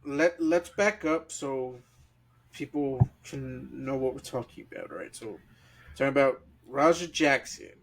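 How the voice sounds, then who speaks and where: A man co-hosting a casual news-roundup podcast, animated and excitable as he steers the conversation. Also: mid-range voice, a little slow, background noise. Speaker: podcast co-host.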